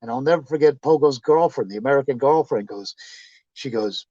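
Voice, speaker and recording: A man's voice: medium pitch, brisk, warm tone, a little hiss or hum. A man telling rambling, profane anecdotes in casual chat, laughing as he goes. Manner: rambling, swearing, laughing storyteller. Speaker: storytelling guest. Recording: dull lo-fi dry sound.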